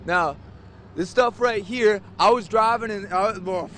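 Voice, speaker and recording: Man, eyewitness, very high pitch, profane, rambling, faint traffic noise behind. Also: unhurried, fairly bright tone. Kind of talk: news street interview.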